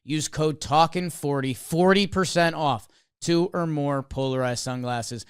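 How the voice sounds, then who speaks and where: A man co-hosting a sports podcast, animated and excitable, with lots of fillers, also reading an ad. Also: a little high, measured pace, smooth, no room sound, clean studio sound. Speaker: podcast co-host. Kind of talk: energetic sports recap and ad read.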